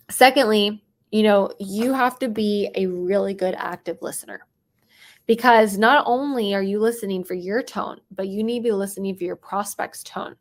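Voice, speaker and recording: Fast-talking woman sales coach. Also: mid-range voice. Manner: fast-talking, shifts between whispers and bright bursts to demonstrate tones. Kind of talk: teaching sales tonality to a live chat audience.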